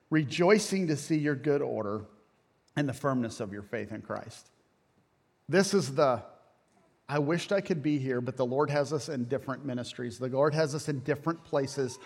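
A man preaching a sermon as pastor, animated and folksy, with jokes and asides. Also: medium pitch, moderate pace, long reverb tail. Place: church sanctuary.

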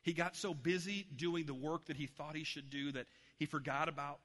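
A man's voice: a little high, fairly even intonation, normal speed, fairly bright tone. Man preaching in a reverberant hall. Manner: storytelling, acts out voices in anecdotes. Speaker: pastor. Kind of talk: sermon.

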